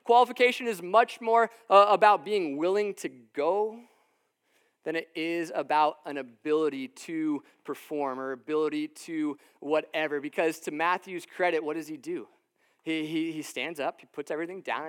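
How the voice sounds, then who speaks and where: Casual high-voiced man preaching. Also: moderate pace, a bit bright, clean tone. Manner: casual, conversational preaching with many fillers and repeated words; acts out what the people in the story say. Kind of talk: sermon. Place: room with a live audience.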